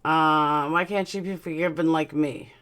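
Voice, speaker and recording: Woman, live-stream host, slight lisp, blunt casual chat, somewhat low pitch. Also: steady tone, unhurried, a bit bright. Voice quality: slight lisp from dental aligners. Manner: chatty, blunt, swears casually, answers chat aloud. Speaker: livestream host reading chat.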